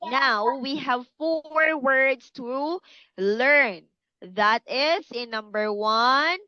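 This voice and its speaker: A woman teaching English to young children, speaking slowly and clearly and encouraging them to repeat words. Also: high voice, bright, forceful tone, dry recording, dull audio. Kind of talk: online class for kids.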